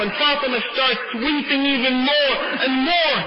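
A man's voice: very high voice, fairly even intonation, normal speed, hardly any pauses. A man preaching a mourning sermon in an emotional, tearful storytelling manner. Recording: echoey, dull lo-fi, loud noise.

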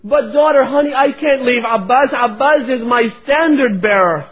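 A man's voice: extremely high pitch, moderate pace, voice pushed up. A man voicing a grieving father who tenderly but firmly tells his daughter he cannot take her. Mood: sorrowful. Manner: tender, sorrowful, emphatic. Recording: tinny phone-like recording.

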